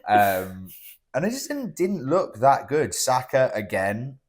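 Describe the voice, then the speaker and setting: A man's voice: mid-range voice, big pitch swings, slow pace. A young man co-hosting a football podcast, chatting casually with a rambling, teasing manner. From England. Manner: rambling, self-interrupting, dry teasing. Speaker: podcast co-host.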